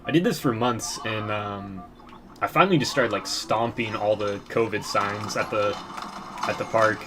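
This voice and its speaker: A man's voice: on the low side, moderate pace. A young man giving casual gameplay commentary, telling rambling stories in a crude, profane way and often laughing.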